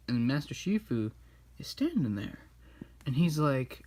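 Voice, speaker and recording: A man casually recapping an animated film while he draws, rambling and correcting himself as he goes. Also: medium pitch, a little slow. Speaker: drawing video maker.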